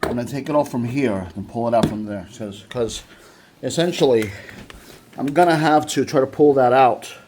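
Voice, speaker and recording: A man with a mid-pitched voice chats his way through a hands-on repair, often circling back and restarting his sentences. He talks in a relaxed, informal way, like a vlogger working in his garage. Faint ambience sits under the voice. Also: normal speed, slight background noise. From United States. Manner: rambling, chatty, self-correcting. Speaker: DIY vlogger. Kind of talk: casual how-to vlog. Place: garage or yard, working on a scooter.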